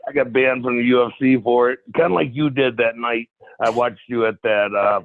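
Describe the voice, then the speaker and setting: A man who is a guest on a podcast, gruffly brushing off teasing with dry jokes. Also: medium pitch, steady tone, a little fast. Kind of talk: casual chat. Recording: dull, muffled lo-fi sound.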